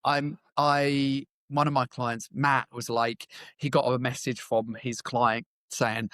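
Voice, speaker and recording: A man's voice: medium pitch, little pitch movement, measured pace, few pauses, fairly bright tone, no echo. A man who works as a business coach, a guest on a podcast, talking frankly and conversationally with the odd swear word. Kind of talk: casual interview chat.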